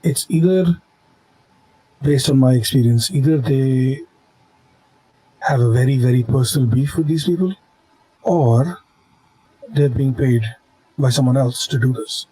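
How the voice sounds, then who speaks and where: Husky, dark-voiced man reasoning things out. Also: medium pitch, measured pace, long pauses, no room sound, poor audio. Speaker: tabletop player. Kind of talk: in-character tabletop role-play.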